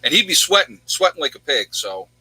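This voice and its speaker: A man's voice: fairly high pitch, sing-song, fairly quick, sharp tone, slightly rough, no echo, low-quality recording. A man hosting a casual livestream, chatting in a rambling way and answering viewers' questions. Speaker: livestream host.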